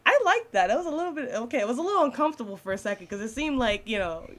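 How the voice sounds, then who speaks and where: A woman's voice: on the high side, expressive, racing. A woman giving a casual, blunt spoken film review, swearing freely and laughing often.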